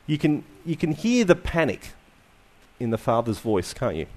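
A man preaching a sermon, asking rhetorical questions and letting his phrases fall to quiet endings. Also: mid-range voice, big pitch swings, normal speed.

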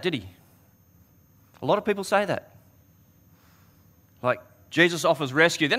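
Aussie pastor guy giving a sermon, earnest chatty storyteller, kinda high bright voice. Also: lively intonation, normal speed, long pauses. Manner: earnest, conversational storytelling with repeated restarts. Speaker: preacher.

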